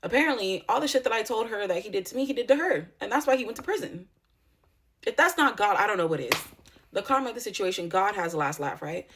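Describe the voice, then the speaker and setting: A woman's voice: mid-range voice, animated, quick pace, fairly bright tone, a little hiss or hum. A woman YouTuber telling a personal story in a casual vlog, blunt and heavy on profanity.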